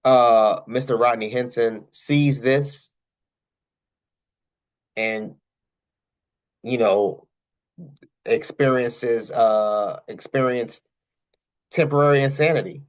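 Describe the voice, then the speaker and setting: A young man with a medium-pitched voice hosts his own channel, casually commenting on news clips. He speaks slowly with long pauses, addressing his viewers directly, repeating himself and tossing out rhetorical questions.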